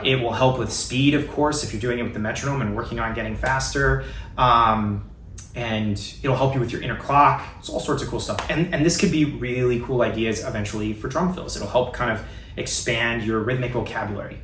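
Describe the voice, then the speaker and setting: Relaxed man teaching drums in an echoey room. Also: mid-range voice, moderate pace, far from the mic, slight background noise. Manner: relaxed, rambling, many ums and restarts. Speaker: drum teacher. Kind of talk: casual spoken lesson. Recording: roomy echo, away from the mic, faint ambience.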